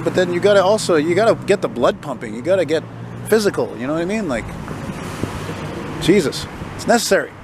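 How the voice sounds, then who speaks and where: There's background noise as a fairly high-pitched man vlogs while walking a city street, phone in hand. He sounds tired and unwell, and his talk is a rambling rant.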